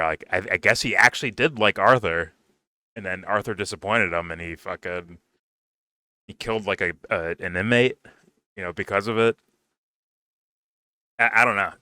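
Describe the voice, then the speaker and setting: A young man talks through a film review in a loose, rambling way, swearing and laughing between thoughts. His voice sits a little low but comes out bright and crisp. The sound is dry and close, with no room around it. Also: no room sound. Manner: rambling, profane, laughs often, lots of fillers. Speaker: movie reviewer. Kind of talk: casual spoken film review.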